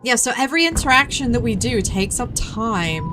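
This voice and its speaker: Young female streamer, bright upper voice, casual running commentary over faint music. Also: fairly high pitch, very animated, moderate pace. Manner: chatty, self-deprecating, reads game text aloud. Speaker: VTuber game streamer.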